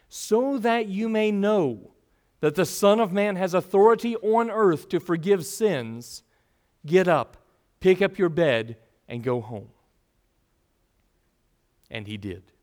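A man's voice: sits high, darkish tone. A man preaching a sermon, teaching earnestly with rising and falling emphasis.

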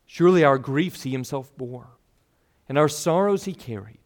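Expressive preacher, a man with a raised voice. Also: on the high side, normal speed. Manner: expressive, voices the people in the story. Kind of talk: sermon.

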